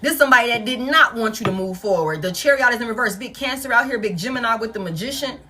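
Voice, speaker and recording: Speaking fast in a slightly high, animated, pushed and bright voice, a tarot reader gives a casual, blunt monologue from her home setup. She swears often and repeats phrases for emphasis, with faint soft music playing behind her.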